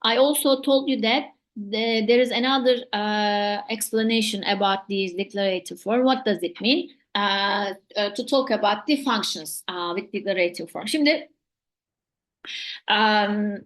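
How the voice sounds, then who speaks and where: A woman with a Turkish accent teaching an English grammar lesson, pausing often with fillers and slipping into Turkish. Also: mid-range voice. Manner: hesitant, many fillers, switches between English and Turkish. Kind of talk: recorded online lesson.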